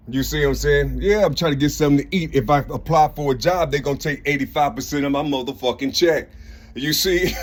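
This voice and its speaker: An older man talking to the camera in a rambling casual monologue, repeating "you see" and swearing a lot. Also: fairly high pitch. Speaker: vlogger.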